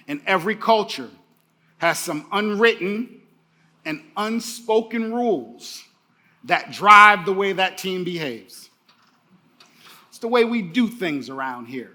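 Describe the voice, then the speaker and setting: Middle-aged male keynote speaker, bright and high-pitched, hammering points home through repetition. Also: animated, takes it slowly, pauses often. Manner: emphatic, repeats key phrases. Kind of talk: motivational keynote speech.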